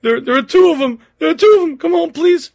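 A man's voice: quick pace, gravelly, darkish tone. A man doing a shrieking, panicked young wife. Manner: shrill, breathless screaming.

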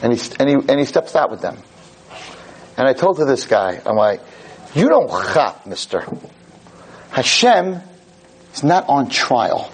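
A man giving a Jewish lecture, telling a story in an animated, digressive way. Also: medium pitch, unhurried, pauses often, slightly rough, low-quality recording.

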